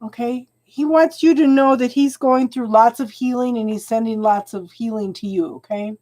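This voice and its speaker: A woman's voice: fairly high pitch, steady tone, normal speed. A woman giving live tarot readings and chatting with viewers, calling them hon and getting emotional over the cards. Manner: chatty, warm-hearted, calls viewers hon. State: tearful, emotional. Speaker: tarot reader.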